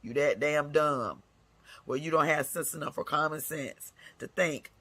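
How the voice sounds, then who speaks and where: A woman's voice: deep voice, a little slow, fairly bright tone. A woman hosting her own segment, delivering a blunt, scolding rant full of cursing. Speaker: segment host. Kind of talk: profane ranting monologue.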